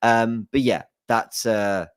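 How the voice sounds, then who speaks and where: A man's voice: fairly low pitch, fairly even intonation, slow, clean tone, dry recording. A young man hosting a football fan channel, talking casually with lots of fillers and hedges. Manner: chatty, hedging, many fillers. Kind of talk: casual chat to camera.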